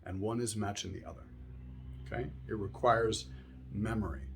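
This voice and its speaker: A man's voice: on the low side, fairly even intonation, moderate pace, vocal fry, slight background noise. A man teaching a music lesson, explaining patiently and often checking in with "right?", singing short examples between explanations.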